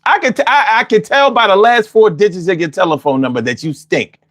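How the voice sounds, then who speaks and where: Brief: male call-in host, high voice, brash and profane, ribs callers, loops his lines. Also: fairly quick, dry recording, studio quality. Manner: loud, profane, teasing and repetitive. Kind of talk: casual livestream chat.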